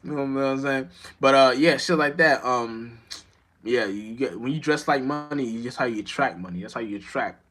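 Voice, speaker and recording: A man's voice: medium pitch, moderate pace, fairly bright tone. Rambling, profane man talking to viewers. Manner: rambling, profane, stumbles and restarts often; keeps asking "you know what I'm saying". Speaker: streamer. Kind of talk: casual rambling monologue to viewers.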